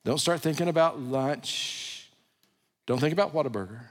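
A pastor preaches to his congregation in a high, earnest voice. He sinks to a hushed, low tone when he leads a prayer. His words ring out with the long reverb of a large sanctuary. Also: moderate pace. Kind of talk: sermon.

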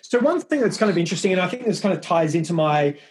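A man's voice: high-pitched, very animated, fast talker. A middle-aged Australian man with an Australian accent, a guest telling stories in a rambling, self-deprecating, casual way. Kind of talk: casual interview conversation.

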